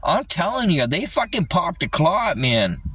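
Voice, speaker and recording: A man's voice: a little high, big pitch swings, a little slow, bright, forceful tone, husky, dry recording. A man livestreaming an agitated rant, swearing constantly, with his voice a little distant from the mic.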